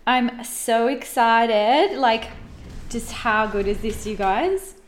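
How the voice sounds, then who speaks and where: A woman, hosting a live podcast stream and gushing excitedly to her viewers, full of fillers and exclamations. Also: on the high side, slow pace, slight background noise. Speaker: podcast host and mindset coach. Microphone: camera mics on a live stream.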